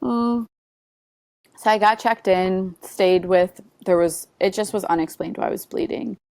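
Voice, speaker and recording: A woman guest on a podcast, telling a personal story in earnest, halting conversation full of "like" and "you know.". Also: mid-range voice, darkish tone, dry recording.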